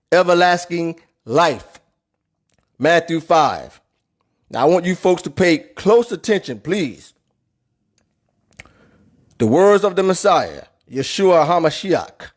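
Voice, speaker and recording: A man delivers a Bible lesson in an emphatic preaching voice. He rereads verses slowly and repeats himself for emphasis, his voice sitting a little high for a man. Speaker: Bible teacher. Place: New York City.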